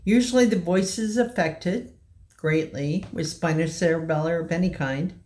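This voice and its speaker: A woman in her sixties from Kansas City, giving a slow, halting personal testimony in a slightly shaky voice. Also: on the low side, a little mellow. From Kansas City, USA. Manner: slow, halting, earnest delivery with pauses. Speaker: patient telling her own story.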